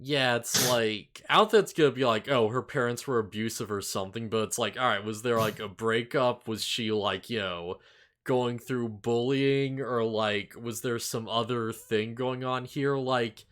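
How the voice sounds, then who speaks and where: A man's voice: mid-range voice, normal speed, fairly bright tone. A man chatting casually as a co-host of an anime review show, rambling with lots of fillers and upbeat asides. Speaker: podcast co-host. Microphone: face cam with desk mic.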